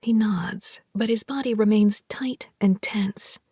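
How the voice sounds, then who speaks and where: A woman narrating a first-person romance audiobook in a soft, half-whispered, intimate delivery. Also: mid-range voice, slow, breathy edge, no echo, studio quality.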